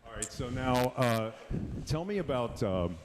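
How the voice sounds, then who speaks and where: A man hosting a live radio interview, friendly and a little halting as he asks questions. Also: medium pitch, very animated, background noise. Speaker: radio host. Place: resort hotel on location.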